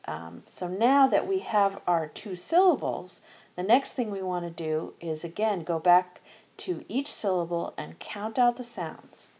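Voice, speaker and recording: Woman doing a spelling screencast, low voice, real slow and careful, sounds out each letter. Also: expressive, gravelly, dark tone. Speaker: teacher educator. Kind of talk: instructional screencast narration.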